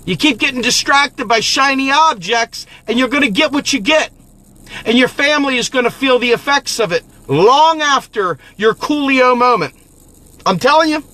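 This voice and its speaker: Fiery, profane man with a high voice. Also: bright, forceful tone. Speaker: political activist host. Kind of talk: impassioned political monologue.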